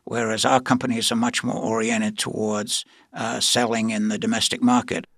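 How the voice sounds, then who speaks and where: Gravelly-voiced male economist. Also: on the low side, little pitch movement, moderate pace, a bit bright, dry recording, clean studio sound. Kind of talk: interview soundbite.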